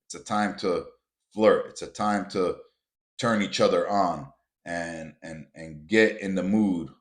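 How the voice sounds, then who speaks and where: A man with a low voice hosts a motivational podcast, talking straight to his listeners. He is blunt and profane and often works himself up into loud, emphatic rants. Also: slow. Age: adult with children. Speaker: podcast host.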